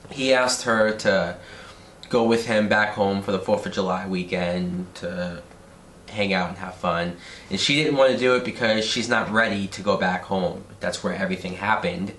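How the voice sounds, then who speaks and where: A man giving a profane, exasperated movie review rant with animated outbursts. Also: medium pitch. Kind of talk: ranting film review. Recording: roomy echo, faint background noise.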